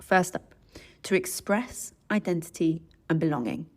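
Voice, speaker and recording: Lady language coach chatting away on her podcast, kinda low voice, lots of "right?". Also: animated, measured pace. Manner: chatty, self-correcting, tags sentences with "right?". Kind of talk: solo educational podcast talk.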